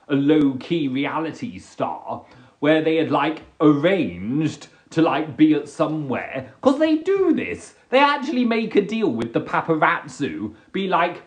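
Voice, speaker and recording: A man hosting a live stream in casual chat, who repeats and restarts his words often. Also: on the high side. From England. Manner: chatty, stammering restarts, giggly.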